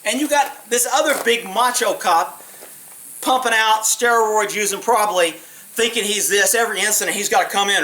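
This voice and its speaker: Blunt, bright-voiced man telling cop stories. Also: sits high, normal speed, poor audio. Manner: blunt, profane, animated retelling with acted quotes. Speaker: former police officer telling stories. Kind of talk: casual storytelling monologue.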